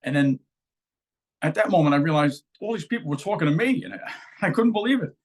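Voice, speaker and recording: Man doing a lively, quick monologue. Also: fairly high pitch. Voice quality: natural voice that sounds like an accent. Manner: animated storytelling, plays other voices. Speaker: acting talent. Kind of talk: monologue and improv acting.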